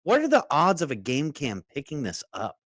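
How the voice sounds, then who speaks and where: A man's voice: fairly high pitch, moderate pace. A man co-hosting a casual podcast, teasing his partner and prodding him with questions. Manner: teasing, animated, prods with questions. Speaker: co-host.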